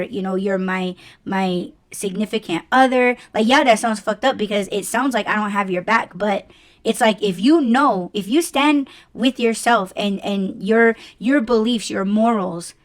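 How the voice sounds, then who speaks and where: Woman podcast host just talking, blunt and frank, swears a lot, lots of "like" and "you know". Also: mid-range voice. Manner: conversational, with fillers like "like" and "you know". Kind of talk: casual solo podcast monologue.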